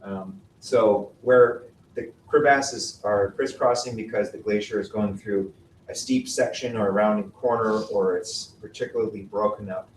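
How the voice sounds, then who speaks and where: Glaciers are the topic as a mountaineering instructor lectures his class, quizzing them and explaining with patience. His low voice keeps a fairly even intonation at a measured pace. The sound is roomy, with a distant microphone and faint noise.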